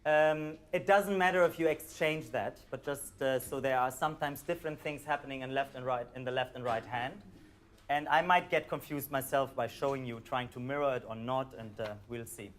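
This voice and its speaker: A man with a German accent, calmly guiding a live audience through a performance score, with hesitant fillers. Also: medium pitch, normal speed. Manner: calm, instructive, hesitant with fillers.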